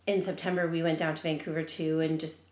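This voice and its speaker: A woman's voice: low voice, flat delivery, fast talker. A middle-aged woman, co-hosting a podcast in casual chat, rambling with fillers and restarts. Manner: chatty, many fillers and restarts. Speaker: podcast co-host. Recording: echoey room.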